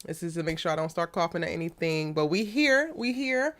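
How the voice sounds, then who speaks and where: A woman hosting a live stream, chatty and animated, greeting viewers, her voice still recovering after she lost it. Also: on the low side, a little fast. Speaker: host.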